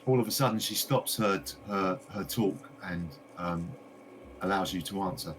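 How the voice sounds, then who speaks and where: A man's voice: low voice, moderate pace, slight background noise, low-quality recording. A man running a tabletop game as game master, narrating with many hesitations and fillers.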